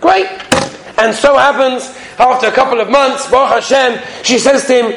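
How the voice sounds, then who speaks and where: A man giving a conversational storytelling talk, telling anecdotes in an animated way. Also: very high voice, normal speed, creaky, background noise.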